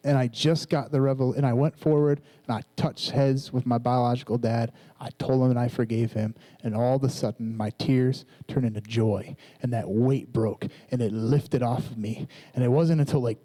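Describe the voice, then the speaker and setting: A man in his thirties preaching, telling a personal testimony in a casual, animated storytelling way. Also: medium pitch, poor audio.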